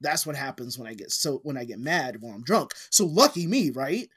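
Husky, animated podcast co-host, swearing often. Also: male voice, medium pitch, brisk. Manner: rambling storyteller, swears a lot, acts out quotes loudly. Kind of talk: casual chat.

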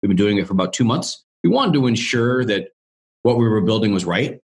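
A man's voice: lowish voice, very animated, fairly quick. A man being interviewed as a business coach, telling a story in a rambling, chatty way full of restarts. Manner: rambling, chatty, with many restarts and "you know".

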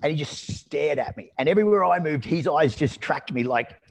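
A man telling a story in a relaxed conversational way, rambling with restarts and fillers. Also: fairly high pitch, normal speed, creaky. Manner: lively and amused when telling anecdotes.

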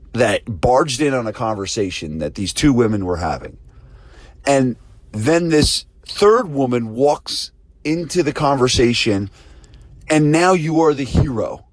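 A man's voice: mid-range voice, no echo. A man hosting a podcast for gym owners, talking casually and telling a story with rhetorical questions. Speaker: podcast host and gym business coach. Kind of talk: casual spoken promo and talk.

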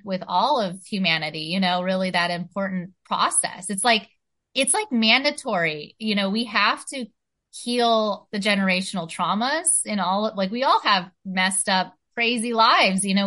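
A woman's voice: mid-range voice, moderate pace, bright, forceful tone. A woman talking earnestly in a casual spiritual chat, full of "you know" and "like".

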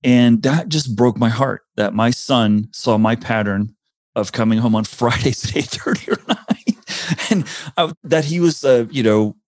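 A man's voice: mid-range voice, a little slow, darkish tone, no room sound, clean studio sound. A man, likely in his forties, telling a personal career story in an earnest, reflective way, often restarting his sentences. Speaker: speaker sharing a career story.

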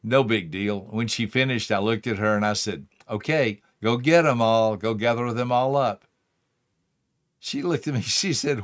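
A man's voice: mid-range voice, unhurried, long pauses. A middle-aged man hosting, giving an earnest motivational talk full of stories and pleading emphasis. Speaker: speaker and host.

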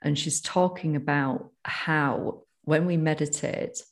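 Gravelly-voiced northern English speaker. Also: medium pitch, fairly even intonation, slow pace. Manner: rambling, many restarts and fillers. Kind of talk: casual podcast chat.

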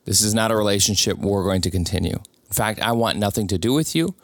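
This man talks fast as he shares a personal story, earnest and reflective, his voice fairly low. When quoting others he keeps his plain tone, and the recording is close and dry, with little room around it and no echo.

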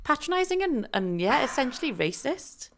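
A woman's voice: high-pitched, very animated, moderate pace, slight background noise. A woman co-hosting a podcast in casual chat, self-deprecating and swearing freely. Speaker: podcast co-host.

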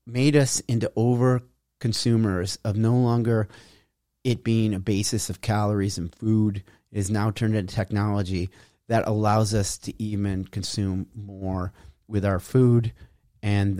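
A man's voice: lowish voice, mellow, dry recording, studio quality. A middle-aged man hosting a solo podcast, talking in an emphatic, frustrated, preachy way about habits and self-improvement. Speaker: podcast host. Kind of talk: solo motivational monologue.

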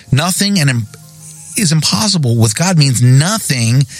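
A man hosting a devotional podcast sermon, reading verses and pressing listeners with pointed, repeated questions. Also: mid-range voice. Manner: emphatic, repeats key phrases. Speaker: podcast host.

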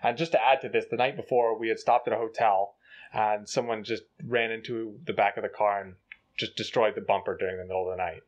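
Animated storytelling man, dull audio. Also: on the low side, brisk. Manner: animated, acts out voices in quotes. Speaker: co-host telling a travel story. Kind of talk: casual storytelling.

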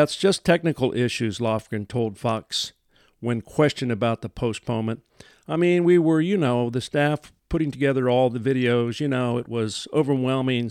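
A man from the American Midwest hosts a news commentary podcast, folksy and emphatic, often pausing on "uh". His voice sits in a middle register and is recorded dry and close, with no room sound. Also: medium pitch, a little mellow, dry recording. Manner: folksy, emphatic, frequent "uh" fillers. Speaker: podcast host.

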